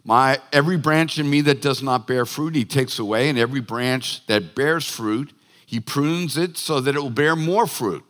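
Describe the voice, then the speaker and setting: Bright-voiced pastor man in a reverberant hall. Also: mid-range voice, normal speed. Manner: chatty, joking, self-interrupting. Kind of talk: sermon. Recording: long reverb of a church hall.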